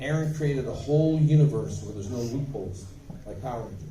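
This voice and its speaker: A man telling stories as a guest on a convention panel, in an animated, emphatic way with bursts of volume, recorded on a phone from the audience. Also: medium pitch, quick pace. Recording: echoey hall, phone from far off.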